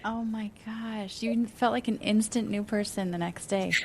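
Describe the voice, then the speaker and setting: A woman hosts a faith podcast in a casual, chatty style. She talks quickly, scattering "like" throughout and acting out little examples as she goes. A faint low rumble runs under her mid-pitched voice. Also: fairly even intonation. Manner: chatty and quick, with many "like" fillers and acted-out examples. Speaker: podcast host, inner healing practitioner. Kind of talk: casual conversational interview.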